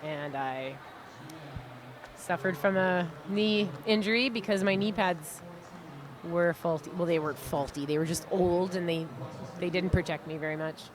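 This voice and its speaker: A woman's voice: fairly low pitch, moderate pace, a crowd in the background. A woman from Canada with a Maritime accent doing live roller derby commentary, chatty and self-deprecating. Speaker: roller derby announcer and skater. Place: indoor arena.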